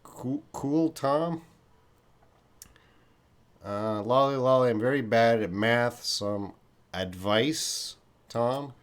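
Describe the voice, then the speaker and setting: A man's voice: mid-range voice, very slow, pauses often. A Canadian man hosting a casual English-learning live stream, reading viewer comments aloud. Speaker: host.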